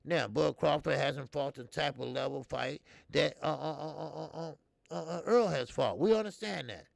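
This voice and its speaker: A man in his fifties hosting a boxing talk show, swearing freely and rambling with many fillers, jumping between loud emphatic bursts and low mutters. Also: normal speed, creaky, no room sound, studio quality. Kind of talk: casual opinionated commentary.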